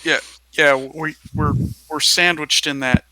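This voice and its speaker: A man's voice: fairly high pitch, steady tone, slow pace, pushed and bright, no room sound, poor audio. A man running a tabletop game, explaining the scene with hesitant restarts.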